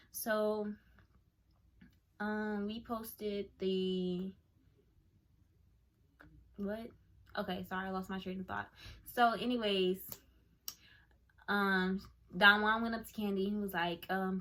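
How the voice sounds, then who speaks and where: A young woman gushing as she tells a casual story to her viewers, full of "like" and "oh my goodness". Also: mid-range voice. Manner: excitable, gushing, lots of fillers like "like" and "oh my goodness". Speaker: YouTuber telling a story. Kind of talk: casual story time to camera.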